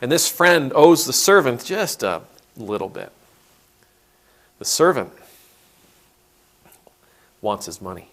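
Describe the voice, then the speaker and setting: Priest delivering an informal sermon to camera, mid-pitched, chatty, acts out story characters. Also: male voice, sing-song, takes it slowly, pauses often, fairly bright tone. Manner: conversational, restarts, retells with character voices. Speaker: Anglican priest. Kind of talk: conversational video sermon.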